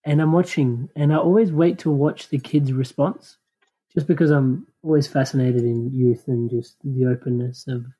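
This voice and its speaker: A podcast host in a casual conversation, telling stories in an animated way with playful sound effects. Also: medium pitch, normal speed, husky. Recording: dull lo-fi recording.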